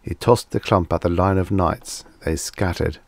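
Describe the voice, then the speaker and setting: A man narrating an audiobook in a steady, even reading voice. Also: low voice, normal speed, vocal fry, dry recording.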